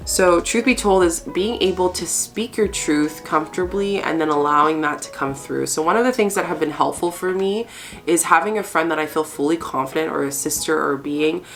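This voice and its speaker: A woman's voice: low voice, creaky. A woman giving a chatty spiritual card reading, in her morning voice just after waking, laughing often. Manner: warm, laughing, chatty, mixes fast and slow stretches. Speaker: spiritual channel host, tarot reader.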